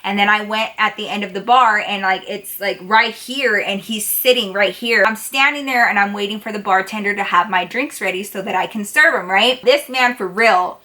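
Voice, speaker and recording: Bright-voiced chatty young woman storyteller. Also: medium pitch, moderate pace, few pauses. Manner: chatty, animated, peppered with "like" and "y'all". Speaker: storytime vlogger. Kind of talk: casual storytelling.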